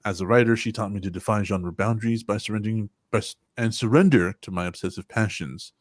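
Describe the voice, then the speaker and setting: A man's voice: lowish voice, fast, no echo, clean studio sound. A man in his forties hosting a casual podcast chat, rambling and swearing often, with frequent laughs. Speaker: podcast host.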